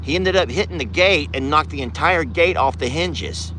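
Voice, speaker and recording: A man's voice: on the high side, normal speed, bright, forceful tone, a little hiss or hum. A man, a ranch owner vlogging outdoors from a side-by-side and sweet-talking his animals. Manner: doting, talks baby talk to animals. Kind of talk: casual vlog narration.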